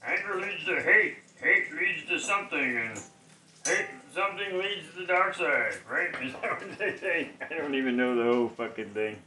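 A man's voice: on the high side, animated, normal speed, pushed and bright. A man streaming live and chatting casually, rambling, swearing offhand and chuckling between remarks. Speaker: livestream host. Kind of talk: casual chat. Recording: echoey room, mic at a distance.

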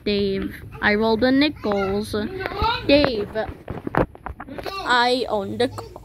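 A gaming channel host, a woman with a medium-pitched voice, talks slowly over gameplay against a noisy background. Her commentary is casual and rambling, full of jokes and meme quotes.

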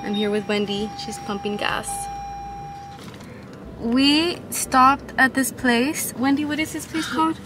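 Slow-talking young woman vlogger. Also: sits high, noisy background. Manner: chatty, enthusiastic, addresses viewers. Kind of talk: casual vlog chat. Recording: music playing behind.

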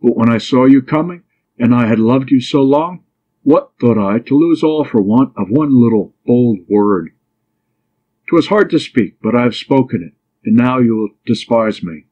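A man's voice: medium pitch, lively intonation, normal speed, close to an everyday voice. A man voicing a bold, teasing young woman in love, speaking pertly and pleadingly in an audiobook. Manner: pert, mischievous, pleading. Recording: dull lo-fi recording.

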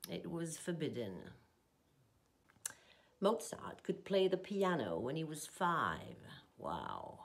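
Slow, lively-toned woman teaching English. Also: lowish voice. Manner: slow, deliberate teaching delivery. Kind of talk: language lesson with example sentences.

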